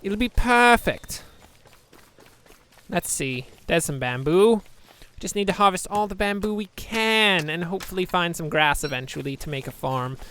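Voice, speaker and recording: A man's voice: fairly high pitch, expressive, normal speed, a bit bright, slight background noise. A man giving rambling, joking let's-play commentary, chatting to viewers with self-deprecating asides. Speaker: gameplay commentator.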